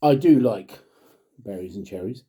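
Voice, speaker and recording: A man's voice: fairly low pitch, lively intonation, normal speed, warm tone, husky. A middle-aged man, chatting to camera in a rambling, jokey way while trying drinks, often muttering and trailing off. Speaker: vlogger reviewing drinks; father. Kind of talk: casual chat to camera.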